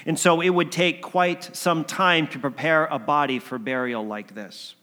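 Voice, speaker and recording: A man's voice: on the high side, a little slow. Man preaching in a reverberant hall. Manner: dramatic, swings from emphatic to hushed. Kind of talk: sermon storytelling.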